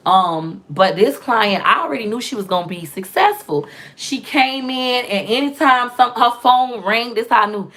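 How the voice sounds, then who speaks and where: A woman, chatting casually to viewers as host in a blunt, profane, animated way. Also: on the high side, moderate pace. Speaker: vlog host reading comments. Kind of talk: casual live chat.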